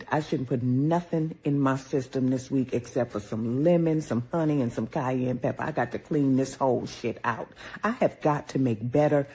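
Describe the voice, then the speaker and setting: A man tells a crude, confessional comic story full of swearing. His tone is mellow and a little husky. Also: medium pitch. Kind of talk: vulgar comedic monologue clip.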